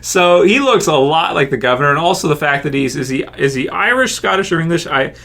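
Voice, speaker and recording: A man's voice: a little high, lively intonation, a little fast, gravelly, sharp tone. A man hosting a casual viewer Q&A. He reads out fan questions and answers them in a rambling, chatty way, laughing often. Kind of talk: casual Q&A chat.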